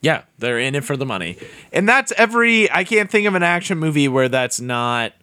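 A man's voice: fairly high pitch, very animated, a little fast, pushed and bright, clear, resonant tone. A man co-hosting a podcast, firing off jokey banter and swearing freely. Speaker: podcast co-host. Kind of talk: casual podcast chat.

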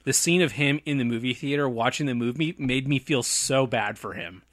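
A man in a casual movie chat, retelling scenes in an animated way and laughing often. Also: medium pitch, moderate pace, crowd noise.

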